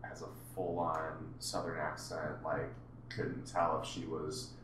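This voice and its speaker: A man with a very deep voice tells an easygoing story in casual podcast chat. He sits back from the mic. A clear hum runs under the echoey room sound. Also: monotone, slow pace, far from the mic.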